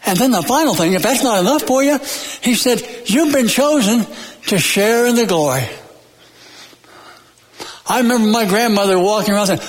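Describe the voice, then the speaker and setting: A man preaching a sermon in a church, emphatic and folksy, repeating phrases with dramatic pauses and joking now and then. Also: high voice, expressive. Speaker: pastor. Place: church sanctuary. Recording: long hall reverb.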